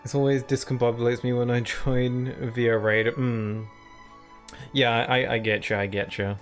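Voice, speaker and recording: A man chats his way through a game on a live stream, rambling and laughing at himself. His voice sits at an ordinary middle pitch. Faint game music plays underneath. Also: little pitch movement, unhurried. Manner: chatty, rambling, self-deprecating, laughs often. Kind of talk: casual live-stream gaming commentary.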